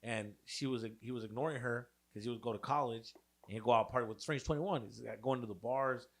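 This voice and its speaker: A man's voice: medium pitch, fast. A young man co-hosting a podcast, telling a long profane story in casual chat and mixing in Spanish slang. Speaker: podcast co-host.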